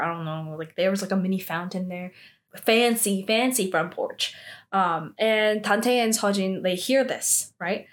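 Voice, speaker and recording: A chatty woman retells a drama episode in a relaxed, conversational way. She talks with lots of fillers and reacts with animated feeling as she goes. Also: medium pitch. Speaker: drama recap host. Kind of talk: casual drama recap.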